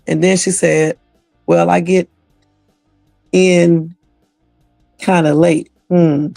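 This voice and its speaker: A man's voice: a little high, little pitch movement, extremely slow, gravelly, dark tone, dry recording, soft background music. A man hosting a casual livestream reaction, chatty and swearing freely as he talks at his desktop computer. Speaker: livestream host.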